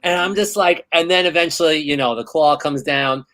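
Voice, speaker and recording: A man in his thirties hosting a casual podcast chat, telling stories in an animated, excitable way. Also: on the high side, moderate pace, poor audio. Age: 30s. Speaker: host.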